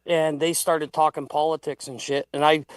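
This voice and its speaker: A man's voice: fairly high pitch, little pitch movement, normal speed, smooth, no room sound. A man telling a heated, profane story in a casual livestream chat. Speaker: guest.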